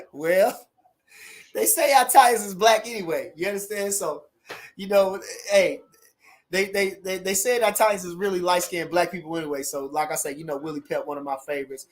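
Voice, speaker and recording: A middle-aged man hosting a casual livestream, animated and repeating catchphrases as he chats. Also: high-pitched, moderate pace. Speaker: livestream host.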